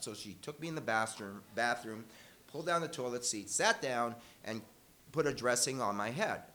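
A man's voice: medium pitch, lively intonation, moderate pace, sharp tone. An older man telling a personal story live to an audience, conversational and wry, correcting himself as he goes.

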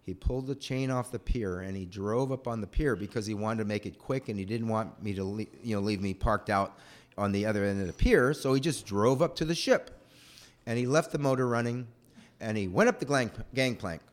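A man telling a personal childhood story in a rambling, animated way. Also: on the low side, brisk. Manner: animated, rambling, acts out voices.

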